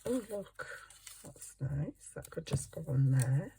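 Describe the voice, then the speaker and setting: A woman's voice: deep voice, sing-song, takes it slowly, noisy background. An older woman, a grandmother, chatting casually and giggling as she crafts for her channel. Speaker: craft vlogger. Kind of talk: casual chat while crafting.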